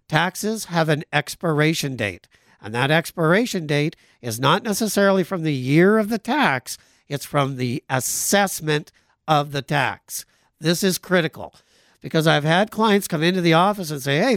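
A man's voice: a little high, dry recording, studio quality. Earnest man explaining taxes on radio. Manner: earnest explaining with small restarts. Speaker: tax professional guest. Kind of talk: explaining on a radio talk show.

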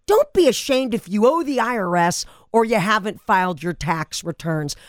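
A woman's voice: mid-range voice, expressive, normal speed, no room sound, studio quality. A woman hosting a radio talk show, asking her guest questions in an upbeat, emphatic way.

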